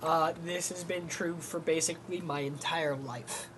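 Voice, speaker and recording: A man co-hosting a game stream, relaxed and thinking aloud as he plays. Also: a little high, unhurried, a little hiss or hum, low-quality recording. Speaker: co-host. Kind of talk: casual gameplay stream chat.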